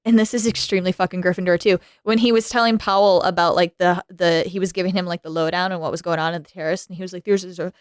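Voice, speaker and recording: A woman's voice: on the low side, steady tone, fast talker, few pauses, clear, resonant tone, dry recording, studio quality. A woman co-hosting a podcast in casual chat, swearing freely and laughing often as she retells scenes. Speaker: podcast co-host.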